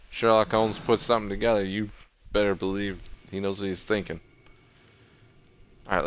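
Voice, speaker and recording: A man's voice: sits low, a bit bright, a little hiss or hum. A man hosting a casual let's play, commenting on the game in a sarcastic, wisecracking way.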